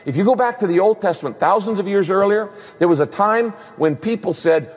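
A male pastor delivering a lively sermon, acting out the voices of the people he quotes. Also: high-pitched, a little fast, few pauses, slightly rough. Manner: animated preaching, acts out quoted voices. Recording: long hall reverb.

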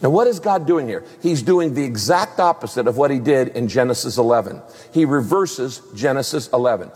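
A male pastor delivering a lively sermon, acting out the voices of the people he quotes. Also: mid-range voice, a little fast, breathy edge. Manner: animated preaching, acts out quoted voices. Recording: long hall reverb.

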